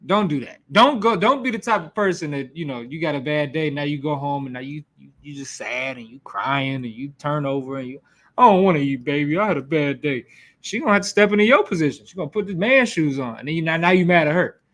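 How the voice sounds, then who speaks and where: A man's voice: fairly high pitch, fast talker, few pauses. A man teaching a Bible class in a casual, slangy way, acting out the quotes as he goes. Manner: animated, slangy, acts out quotes.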